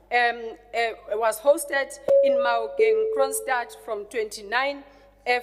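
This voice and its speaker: A woman, a government official, reading a formal budget speech to a legislature in a measured way, with some hesitations over names. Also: on the high side. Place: legislature chamber. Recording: long reverb of a large chamber.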